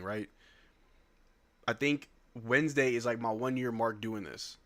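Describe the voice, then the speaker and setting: A man's voice: lowish voice, a bit bright. A man hosting a live sports stream, talking candidly and rambling to his viewers with casual slang and cursing. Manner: candid, rambling, repeats himself.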